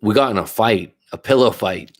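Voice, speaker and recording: A man's voice: fairly low pitch, moderate pace. A man coaching and telling a story in a casual, profane, rambling way, often restarting his sentences. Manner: rambling, profane, self-interrupting. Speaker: life coach. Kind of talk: casual storytelling on a live stream.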